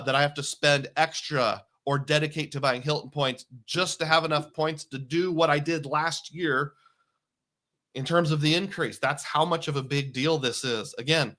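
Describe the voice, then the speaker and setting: A man's voice: on the high side, bright, forceful tone. A man in his forties hosting a casual live stream, chatting, reading viewer comments aloud and laughing often. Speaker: livestream host.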